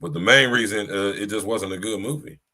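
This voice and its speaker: A man's voice: on the low side, a little fast, sharp tone. Blunt slangy man hosting a podcast. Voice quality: blunt, slangy and repetitive, often adds "you hear me". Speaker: podcast host. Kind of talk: casual chat.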